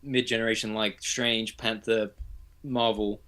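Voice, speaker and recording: A man's voice: lowish voice, flat delivery, a little slow, bright, forceful tone. A man on a toy collecting livestream as a guest, talking casually and earnestly explaining his thoughts. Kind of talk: casual chat.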